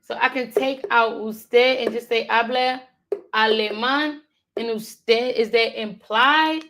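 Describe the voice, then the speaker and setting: Woman studying aloud, gravelly voice, slow and musing, repeats words, fairly high. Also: steady tone, a bit bright. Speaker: learner. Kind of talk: thinking aloud while studying.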